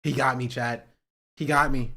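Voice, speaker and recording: A man's voice: mid-range voice, fairly even intonation, moderate pace, vocal fry, sharp tone. A young man hosting a livestream, reacting to clips in a casual, sarcastic way and laughing often. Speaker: livestream host. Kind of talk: casual stream commentary.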